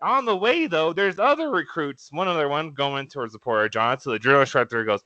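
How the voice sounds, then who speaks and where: A young man co-hosting a podcast tells stories casually, laughing often and full of fillers and restarts. His voice is on the high side, expressive and sharp, and he talks fairly quickly with few pauses. The recording is dry and muffled.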